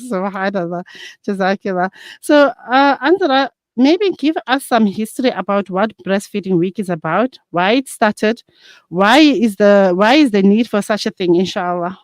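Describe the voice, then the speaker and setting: A young woman hosts a radio talk show in a dry, close studio sound. She reads her introduction with plenty of "uh" hesitations. Her pitch is middle for a woman. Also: lively intonation, measured pace, no room sound.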